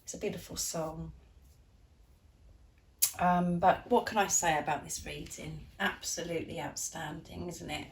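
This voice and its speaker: Woman tarot reader, low-pitched voice, gushing and encouraging, talks straight to viewers. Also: steady tone, a little slow, vocal fry, pauses often, a little hiss or hum. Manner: gushing, encouraging, laughs often; addresses viewers directly as guys. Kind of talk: weekly tarot card reading for viewers.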